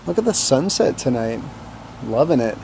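A man's voice: mid-range voice, very animated, moderate pace, darkish tone, a little hiss or hum. A man in his thirties, a father co-hosting a family vlog, easygoing and asking viewers questions. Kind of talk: casual vlog narration.

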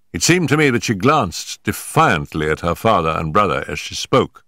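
An older man narrates a story in a low, measured voice with a grave, unhurried weight. The recording is close and dry, with no room sound. Every sentence is delivered with deliberate storytelling care. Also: big pitch swings, bright, forceful tone, no echo. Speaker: audiobook narrator. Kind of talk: scripted narration.

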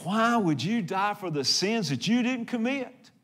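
A deceitful devil whispering temptation, as a preacher puts him on, sweet-talking and persuasive. The voice stays fairly high and close to the preacher's own. Soft, reasonable-sounding coaxing. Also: male voice, expressive, unhurried, exaggerated voice. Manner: persuasive, wheedling.

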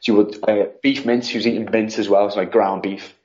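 A man with a lowish voice, grieving as he talks. He rambles as a podcast guest and voices the people in his story. The audio sounds dull and lo-fi. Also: steady tone, fairly quick, darkish tone. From United Kingdom. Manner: rambling, retelling with quoted dialogue. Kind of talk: casual interview chat.

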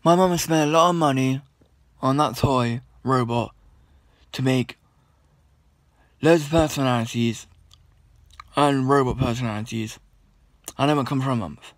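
A man's voice: medium pitch, a little slow, long pauses, no echo. A young man from the UK ranting in a vlog, annoyed and rambling, with many restarts and blunt complaints. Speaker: vlogger.

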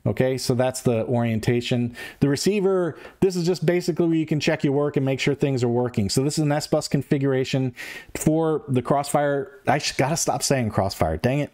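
A man's voice: mid-range voice, a little fast, darkish tone. A middle-aged man hosting a radio-control channel, walking through gyro settings in a casual, plain-spoken tutorial with folksy comparisons. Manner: plain-spoken, repeats himself, folksy explanations. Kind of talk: casual screen-share tutorial.

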